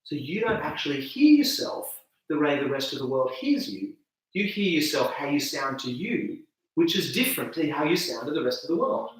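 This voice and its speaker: Animated man, echoey room. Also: fairly high pitch, normal speed, distant mic. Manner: animated, acts out reactions with gasps and laughs. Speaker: video campaign founder, guest. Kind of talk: explanatory interview talk.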